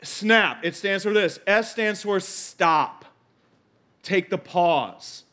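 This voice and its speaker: A man's voice: high voice, takes it slowly, sharp tone. A male pastor preaching a conversational sermon, emphatic and repetitive, with asides and quotes from scripture.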